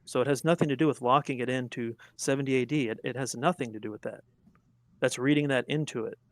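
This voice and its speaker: An earnest man argues a point of theology with emphasis and conviction. His voice sits at an ordinary middle pitch. The sound is dry and close, with little room around it. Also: fairly even intonation, fast talker, no echo. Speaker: debater. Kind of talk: theological debate.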